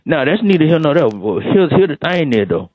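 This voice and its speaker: A man's voice: a little high, sing-song, a little fast, no echo, highs cut off. A man calling in to a radio morning show as a regular, rambling, repeating himself and stalling in heavy slang. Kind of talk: comedic phone call-in bit.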